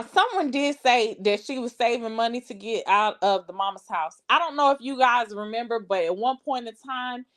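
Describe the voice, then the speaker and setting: Congested woman, sassy live-chat host, a bit high-pitched. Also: a bit bright. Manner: sassy, talks straight to viewers, reads comments aloud. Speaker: livestream host. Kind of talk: casual live-chat commentary.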